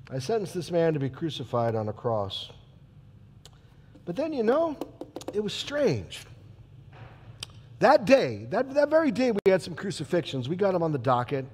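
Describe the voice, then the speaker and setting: A man playing a troubled, proud Roman governor in a dramatic church monologue, emphatic and swinging between loud declarations and hushed asides. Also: fairly high pitch, in a large hall. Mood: grim. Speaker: character monologue performer.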